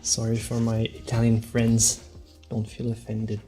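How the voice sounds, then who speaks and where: A man chatting casually with viewers during a live painting stream, thinking aloud in halting bits. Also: lowish voice, monotone, warm tone, faint music behind.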